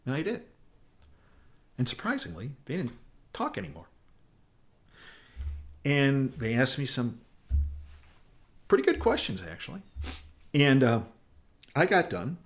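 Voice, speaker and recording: An older man, a doctor, telling a story from his past in a lively way and acting out the people in it. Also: medium pitch, measured pace, long pauses. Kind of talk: storytelling anecdote.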